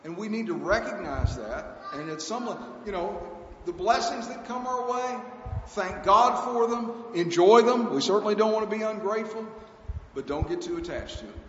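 A man's voice: sits high, lively intonation, normal speed, a bit bright. A man preaching a sermon in an earnest, emphatic, conversational way, repeating key phrases for weight. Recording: echoey hall, dull lo-fi sound, faint hiss.

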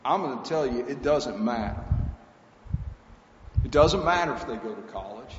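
Earnest preacher in an echoey hall. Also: male voice, medium pitch, lively intonation, moderate pace. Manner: earnest, emphatic, conversational preaching with repetitions. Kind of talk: sermon. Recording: echoey hall, dull lo-fi sound, faint hiss.

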